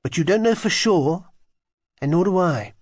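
A man's voice: high voice, expressive, normal speed, slightly rough, no room sound, clean studio sound. A man voicing a cheeky but fair young boy in a children's audiobook, by turns boisterous and sensibly grown-up. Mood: earnest.

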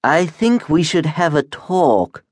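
A male narrator voicing the wub, a large, courteous, good-natured alien creature with a mild, unhurried way of speaking. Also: a little high, big pitch swings, no echo, studio quality, voice pushed up, exaggerated voice.

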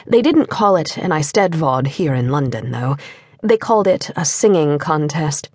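A woman narrating a historical novel audiobook in a measured, gentle storytelling manner, recorded in a studio. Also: deep voice, lively intonation, dry recording. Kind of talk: scripted narration.

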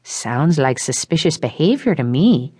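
A woman voicing a composed, measured town mayor in an audiobook. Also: low-pitched, very animated, darkish tone, husky, no room sound, clean studio sound, full character voice. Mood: probing.

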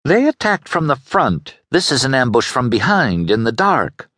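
A man's voice: medium pitch, big pitch swings, normal speed, a bit bright, no echo, studio quality, pitched above the performer's own voice. A man voicing a determined young noblewoman in an audiobook, urgent and pleading. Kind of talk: audiobook character voice.

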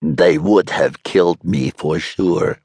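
A very deep, husky hobgoblin grumbles in slow, heavy words, as a male narrator puts him on. He sounds gruff and aggrieved, a little storybook creature. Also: a little mellow, no room sound, full character voice.

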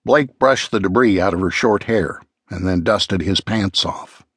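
A male narrator tells a disaster story in a measured, dramatic way. His voice is on the low side, with a husky edge. He is heard on a close, dry studio mic. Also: fairly bright tone, no echo. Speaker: audiobook narrator. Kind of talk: scripted narration.

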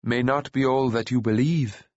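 A man voicing a tall, weathered warrior prince who speaks with measured, gentle authority in an audiobook. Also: medium pitch, steady tone, dry recording, dull audio, close to an everyday voice. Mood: calm, wise.

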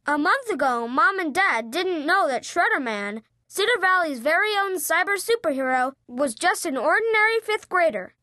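An audiobook narrator telling a children's story in the first person, lively and expressive. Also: very high-pitched, normal speed, hardly any pauses, dry recording, clean studio sound.

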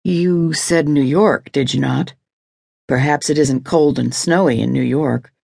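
Measured husband, low and gravelly, read by a woman narrator; storybook tone. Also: dry recording, studio quality, full character voice. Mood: reasoning. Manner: calm, measured. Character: grown man, calm, measured husband.

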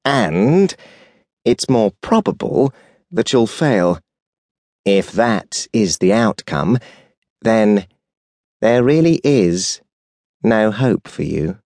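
A man voicing a stern, measured male angel in an audiobook, speaking slowly and deliberately in a lowered tone. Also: very animated, darkish tone, no echo, clean studio sound, exaggerated voice. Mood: solemn. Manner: slow, deliberate, lowered delivery. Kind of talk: audiobook character voice.

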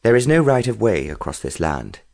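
An actor playing a cool, cultivated young aristocrat, speaking in a dry, commanding way. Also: male voice, lowish voice, sing-song, normal speed, vocal fry, darkish tone.

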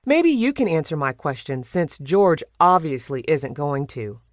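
Audiobook heroine: woman narrator doing a blunt, pushy woman reporter, lively and animated, dry read. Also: sits low, unhurried, no room sound. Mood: insistent. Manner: blunt, insistent.

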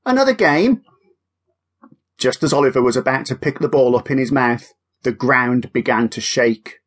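A man narrates a children's audiobook with lively expression. His voice is mid-range and moves at a normal speed.

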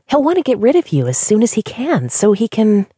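A woman's voice: fairly high pitch, huge pitch swings, a little fast, dark tone, breathy edge, no room sound, clean studio sound, voice pushed up, heavily acted. A woman voicing an anxious but determined young woman who pleads and pushes her point, at times heatedly. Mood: coaxing. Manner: pleading, rising to heated insistence.

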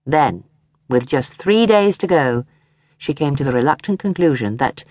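Low, expressive woman narrating a story. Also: normal speed, no room sound. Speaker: audiobook narrator. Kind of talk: scripted narration.

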